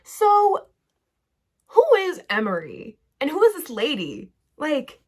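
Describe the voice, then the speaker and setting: Speaking slowly in a high-pitched voice with huge pitch swings, a young woman vlogs while applying makeup at her bedroom vanity, lit by a ring light. She's chatty and rambling, full of "like" fillers, wandering off into tangents.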